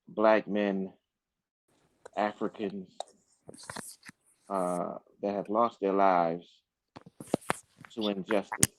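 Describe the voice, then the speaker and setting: Man, host, earnest, lots of uh and um, lowish voice, dull dry lo-fi sound. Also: no echo. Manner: slow, earnest monologue with many fillers. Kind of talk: live Q&A talk.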